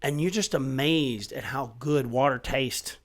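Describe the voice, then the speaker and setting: A middle-aged man in casual podcast chat, talking emphatically with lots of swearing and animated storytelling. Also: medium pitch, a little slow.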